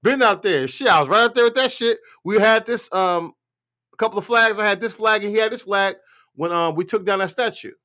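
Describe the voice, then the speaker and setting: Man, higher pitch, profane, blunt, rambling, live stream rant. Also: brisk, bright, forceful tone. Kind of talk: casual political rant.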